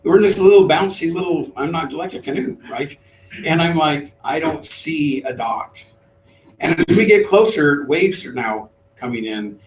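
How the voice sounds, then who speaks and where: A middle-aged man, a trainer, telling a lively story to a live group and acting out the voices. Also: a little high, normal speed, a little hiss or hum. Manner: animated storyteller, acts out voices. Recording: roomy, distant mic.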